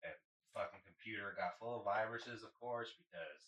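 A man's voice: fairly low pitch, normal speed, a bit bright, slight background noise. A man on a podcast, chatting casually with crude, profane jokes and easy laughter. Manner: profane, joking, laughs easily. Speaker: podcast co-host. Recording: roomy echo, distant from the mic, faint ambience.

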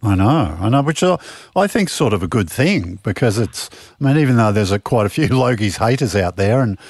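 Measured man, deep dry voice. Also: animated, a little mellow, dry recording. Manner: measured, hedging with "I think" and "I mean". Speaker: co-host. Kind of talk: casual radio chat.

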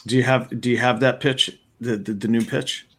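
A man's voice: mid-range voice, fairly even intonation, moderate pace, a bit bright. A man chatting as a podcast guest, telling a story in a rambling way, stumbling over his starts. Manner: storytelling with many fillers and restarts. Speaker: guest, comic creator. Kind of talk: casual podcast chat.

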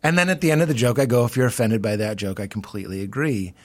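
A man who is a comedian, talking in a casual podcast chat, excitable and laughing, jumping up in pitch when he acts out quotes. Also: quick pace. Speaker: comedian guest.

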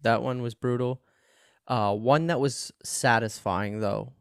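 A man co-hosting a podcast, chatting casually in a loose, profane, animated way. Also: mid-range voice, unhurried, gravelly, clear, resonant tone, no echo, clean studio sound. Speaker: podcast co-host. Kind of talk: casual chat.

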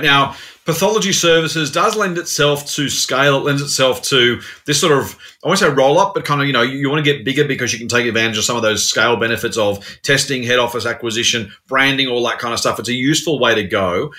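A man's voice: mid-range voice, bright, forceful tone. An Australian man hosting an investing podcast in a chatty, matey way, with fillers and repeats. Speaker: podcast host, investment officer. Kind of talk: casual investing chat.

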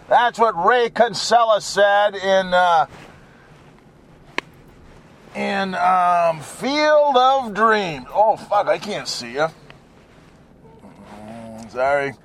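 A man talks to himself in a goofy, rambling way from a car, breaking into silly made-up song lines. His voice sits high, and he takes his time between thoughts. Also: very animated, slow, a bit bright, slight background noise. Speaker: vlogger. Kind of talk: rambling solo vlog while driving. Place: inside a car.

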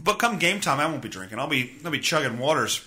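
Man in his thirties, solo podcast host, rambling sarcastic rant, fairly high and forceful voice. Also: big pitch swings, fast talker. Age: 30s.

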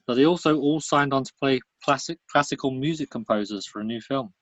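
A man co-hosting a comedy podcast, telling jokes in a deadpan way. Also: mid-range voice, a little fast, no room sound, poor audio. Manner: deadpan comic delivery. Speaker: podcast co-host. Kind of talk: jokey banter.

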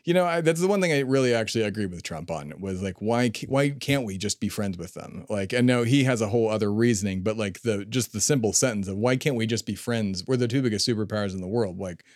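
A man's voice: fairly low pitch, fast, few pauses, darkish tone, no echo, clean studio sound. A man co-hosting a podcast, chatting casually in a blunt, joking way with some swearing. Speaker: podcast co-host. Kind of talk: casual chat.

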